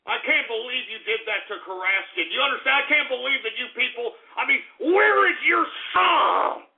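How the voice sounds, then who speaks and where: A man's voice: very high-pitched, expressive, normal speed, creaky, husky. A male internet radio host ranting in anger, swearing and stammering at his listeners. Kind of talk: angry on-air rant. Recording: tinny phone-line call-in audio.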